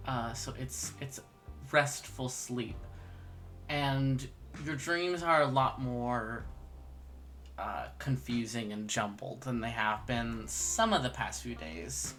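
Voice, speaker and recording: A game master slowly narrating a tabletop game's dream scene, pausing often with fillers. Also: mid-range voice, a bit bright. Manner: slow, halting narration with many fillers.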